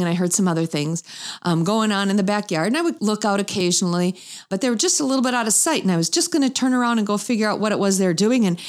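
A middle-aged woman spins a funny story about her family for an audience. She is lively and expressive, and her pitch leaps whenever she acts out someone else's lines. Her voice sits in an ordinary middle register. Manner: animated, acts out quoted voices with big pitch jumps. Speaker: mother telling a family story. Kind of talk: humorous storytelling talk to an audience.

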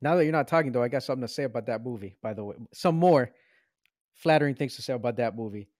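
A man co-hosting a relaxed movie-review podcast, pitched in the middle for a man. He makes his case with playful, mock-serious emphasis and breaks into laughter often. The sound is close and dry. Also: fast talker, no echo. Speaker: podcast co-host. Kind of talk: casual movie review chat.

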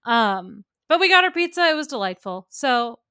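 A young woman hosting a podcast, telling stories in a casual, animated way with lots of fillers and laughs. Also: fairly high pitch, moderate pace, smooth, dry recording, clean studio sound. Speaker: podcast host. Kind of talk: casual chat.

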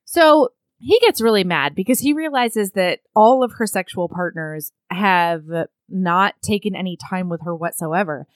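A woman co-hosting a podcast in casual chat, recapping a book with a co-host, acting out characters' lines in a lower voice and laughing often. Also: a little slow, hardly any pauses, no echo. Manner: drops into a low husky voice to act out characters' lines, laughs often, swears.

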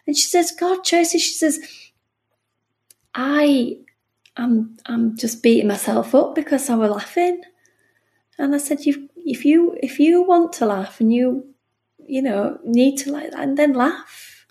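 Her voice sits high with a dark tone and a slightly slow pace. As a podcast guest, this middle-aged bereavement midwife talks earnestly and emotionally about her job in a casual interview, frequently restarting and quoting dialogue as she acts out conversations.

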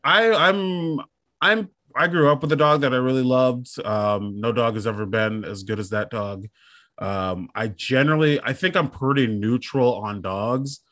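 A man's voice: mid-range voice, unhurried, a bit bright. A man chatting casually on a podcast, rambling and self-deprecating as he tells a comic story. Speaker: podcast co-host. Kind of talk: casual comedic chat.

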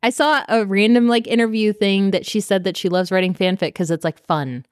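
A woman's voice: mid-range voice, fairly quick, no room sound, studio quality. A young adult woman co-hosting a casual book podcast, gushing and laughing often. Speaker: podcast co-host.

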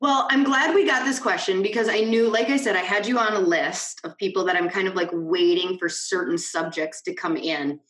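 A woman's voice: mid-range voice, normal speed, few pauses, a bit bright, roomy sound, poor audio. A woman hosting a podcast in casual chat, bubbly and self-mocking, full of fillers. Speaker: podcast host.

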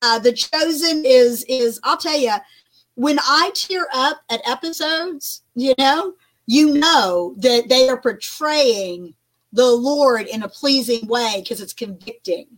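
An older woman co-hosting a Christian broadcast, talking in an animated, emphatic way with many restarts. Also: high voice, slow. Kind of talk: casual faith talk chat.

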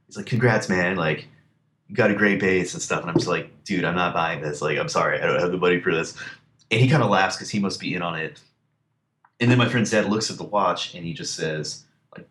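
A man's voice: deep voice, a little fast, a bit bright. A man telling a personal story in a casual chat, full of fillers and acting out what people said. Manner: rambling with many fillers, acts out quoted lines.

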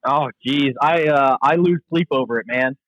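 A man as a podcast guest, telling lively stories about leading group outings in a casual, talkative way. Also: mid-range voice, moderate pace, no room sound, muffled recording. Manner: animated, anecdotal storyteller. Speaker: guest, veterans outdoor program leader. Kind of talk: casual interview storytelling.

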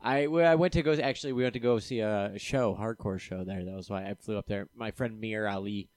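Relaxed storyteller, man, lower voice, dry close sound, pauses often. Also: dry recording. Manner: relaxed, hesitant, frequent uh. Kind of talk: casual chat, storytelling.

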